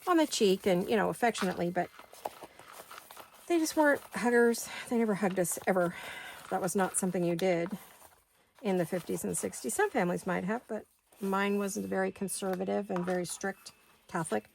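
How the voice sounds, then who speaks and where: A woman's voice: medium pitch, fairly quick, vocal fry, darkish tone, slight background noise. A woman in her sixties hosting a craft video from her home studio, chatting in a rambling, think-aloud way. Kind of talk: casual chat while crafting.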